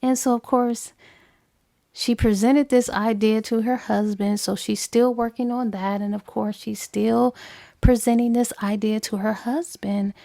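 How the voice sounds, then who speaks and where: A woman's voice: on the high side, fairly even intonation, measured pace, gravelly, dark tone, no room sound, studio quality. A woman casually retelling a novel's plot in a chatty, filler-heavy book review.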